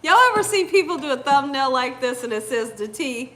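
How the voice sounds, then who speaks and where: Give me a bright, expressive woman telling a story casually to her viewers. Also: high-pitched, brisk. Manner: animated, addresses viewers as "y'all". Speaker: cooking channel host.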